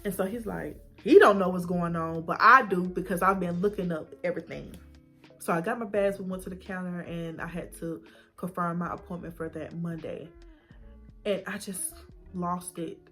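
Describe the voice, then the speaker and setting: A woman's voice: lowish voice, fairly even intonation, normal speed, pushed and bright, soft background music. A young woman in a personal vlog, retelling a hard experience with feeling, acting out what people said and sometimes dropping to a whisper. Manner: emotional retelling, acting out quoted dialogue, drops to whispers. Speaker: vlogger.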